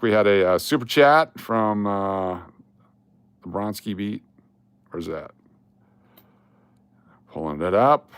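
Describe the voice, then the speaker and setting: A man with a lowish voice hosts a casual live stream, chatting in a rambling way and breaking into sudden exasperated rants. He takes his time over every phrase, and his voice sounds dry and close. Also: no room sound.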